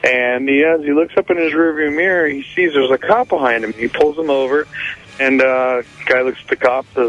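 A man calling in to a radio show and telling a joke as an energetic storyteller. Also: medium pitch, moderate pace. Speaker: caller. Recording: muffled phone line.

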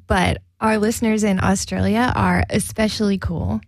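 A woman hosting a radio show, chatting casually on air in quick, giggly bursts from a studio. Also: mid-range voice, fairly even intonation, gravelly, no echo. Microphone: studio mic.

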